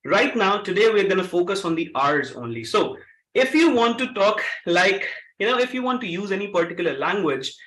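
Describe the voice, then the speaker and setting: Bright-voiced man. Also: high-pitched, a little fast. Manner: energetic, coaxes the audience with questions. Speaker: speaker at a public-speaking club. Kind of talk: interactive pronunciation workshop. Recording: echoey meeting room.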